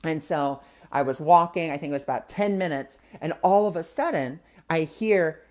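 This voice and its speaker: A man's voice: on the high side, normal speed, darkish tone. A man hosts a spiritual teaching talk, recorded on a webcam or phone for a livestream. He tells personal stories in an earnest, casual way, full of fillers and restarts. He slips into other voices when he quotes people. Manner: loose filler-heavy phrasing. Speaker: host of a spiritual discussion show. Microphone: webcam or phone mic, livestream.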